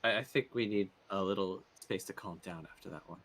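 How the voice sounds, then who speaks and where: A man's voice: sits low, a little fast, a bit bright. A man playing a tabletop game, chatting casually and trailing off with ums. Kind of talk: casual chat.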